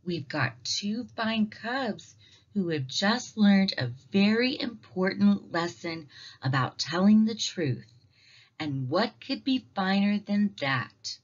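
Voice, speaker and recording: A woman voicing a calm, caring mother bear in a storybook read-aloud, soft and patient. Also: mid-range voice, slow pace, dull audio. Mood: gentle.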